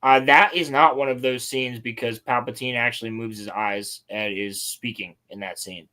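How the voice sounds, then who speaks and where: A man co-hosts a loose podcast, explaining his points in a relaxed, rambling way. His voice sits in an ordinary middle pitch and he swears freely. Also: normal speed. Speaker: podcast co-host. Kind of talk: casual chat.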